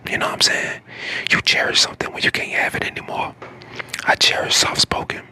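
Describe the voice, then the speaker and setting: A man in his twenties from St. Louis, whispering casual chat to viewers on an ASMR live stream, hoarse from a lost voice. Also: a little fast, pushed and bright. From St. Louis, Missouri. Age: 20s. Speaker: ASMR creator.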